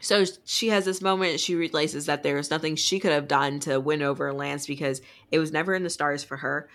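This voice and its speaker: A young woman co-hosting a podcast, chatty and animated as she recaps a book, swearing freely. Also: deep voice, brisk. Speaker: podcast co-host. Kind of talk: casual book discussion.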